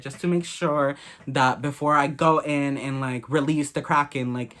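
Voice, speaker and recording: A man's voice: medium pitch, steady tone, a little slow, fairly bright tone. A young man vlogger telling a story casually, blunt and crude, swearing often.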